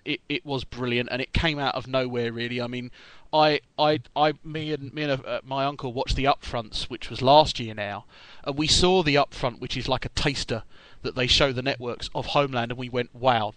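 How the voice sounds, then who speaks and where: A man co-hosting a podcast, talking in a loose, rambling way and often stopping to correct himself. His voice sits at an ordinary pitch for a man. The sound is dry and close, with no room echo. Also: fairly even intonation, moderate pace, hardly any pauses, a bit bright. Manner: chatty, rambling, self-correcting. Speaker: podcast co-host. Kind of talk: casual chat.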